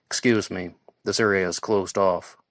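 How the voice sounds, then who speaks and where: A tall, stern police officer who turns people away but lets a warning slip in a near whisper, voiced by a man reading an audiobook. The voice is deep and stays close to the narrator's own. The recording is dry and intimate. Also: fairly even intonation, normal speed, no room sound. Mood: firm. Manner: firm instructions, then hushed confiding.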